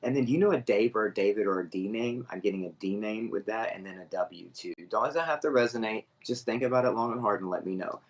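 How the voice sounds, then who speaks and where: A man's voice: fairly low pitch, quick pace, few pauses. Earnest man reading for viewers, lo-fi audio. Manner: earnest, chatty, addresses viewers directly. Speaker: psychic medium reader. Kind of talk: live online psychic reading.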